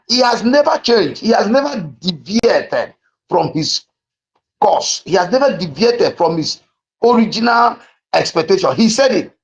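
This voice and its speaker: A man giving an impassioned, repetitive speech to an online audience, with frequent fillers and restarts. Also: high voice. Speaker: speaker on a live audio space. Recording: muffled lo-fi online audio.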